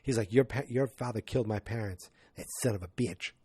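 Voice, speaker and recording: Low mellow man recapping a movie. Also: fairly quick, breathy edge, no echo. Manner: rambling retelling with acted-out quotes. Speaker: podcast host.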